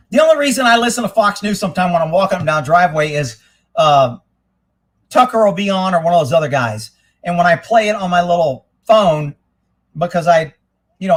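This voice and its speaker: A man hosting a live talk stream, ranting about politics in a fired-up, swearing way and shouting when worked up. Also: fairly high pitch. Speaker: livestream host.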